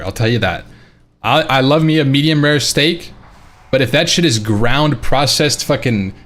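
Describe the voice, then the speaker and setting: A man streaming a game late at night, telling a story in a casual, animated, profane ranting way and laughing along. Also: mid-range voice, moderate pace.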